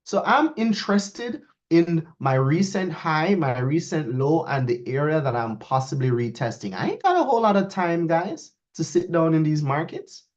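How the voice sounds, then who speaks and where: A man's voice: fairly high pitch, normal speed, hardly any pauses. A man teaching a live trading lesson, talking straight to his students and acting out their questions in a raised voice. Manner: lively, talks to students, quotes askers in a raised voice. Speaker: trading instructor. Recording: dull lo-fi audio.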